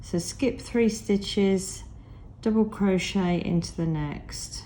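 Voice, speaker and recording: Croaky woman teaching crochet, real slow and mellow, counts every stitch, faint hiss behind. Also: mid-range voice. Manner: patient, counts stitches aloud. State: croaky, recovering from a cold. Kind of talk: step-by-step craft tutorial.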